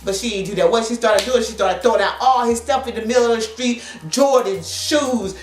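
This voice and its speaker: A woman in her thirties telling a story to camera in a slangy, animated way, laughing often. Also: fairly high pitch, brisk, echoey room, soft background music. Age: 30s. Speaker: vlogger. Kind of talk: casual storytelling.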